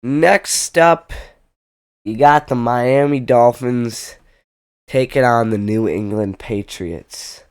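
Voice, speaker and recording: A man's voice: mid-range voice, takes it slowly, smooth, no room sound. A young man giving casual football predictions, rambling with jokey asides and self-interruptions. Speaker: sports predictions vlogger. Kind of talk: casual football picks commentary.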